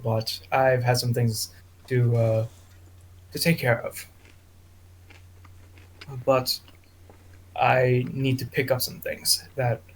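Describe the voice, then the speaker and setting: Relaxed man playing a tabletop character. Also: medium pitch, low-quality recording. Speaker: player.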